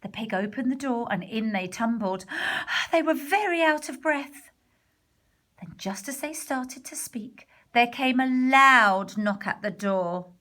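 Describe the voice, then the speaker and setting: Woman reading a bedtime story, slow and soft, half whispering, kinda high voice. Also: lively intonation. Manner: soft, partly whispered narration.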